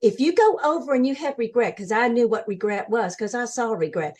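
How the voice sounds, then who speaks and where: An older woman, a guest in an interview, speaks in a fairly high voice. She tells her story earnestly and with animation, slipping into the voices of the people she quotes. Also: lively intonation, brisk, a little mellow. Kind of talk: conversational interview.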